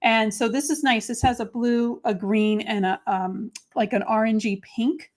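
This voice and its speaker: A woman's voice: fairly high pitch, fairly even intonation, unhurried. A woman with a Boston accent hosts a live crafting demo, chatting and greeting viewers by name as she works. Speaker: crafting live-stream host.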